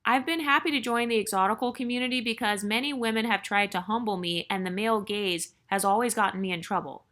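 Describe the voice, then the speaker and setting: A woman's voice: mid-range voice, fast talker, fairly bright tone. A woman hosting her channel, reading a viewer's story aloud in a chatty way and breaking in with joking asides.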